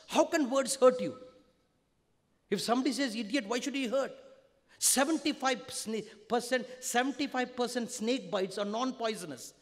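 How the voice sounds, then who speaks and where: A man with an Indian English accent giving a storytelling discourse to students, swinging between loud emphasis and hushed tones. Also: extremely high pitch. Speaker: spiritual teacher. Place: large university auditorium. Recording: long auditorium reverb.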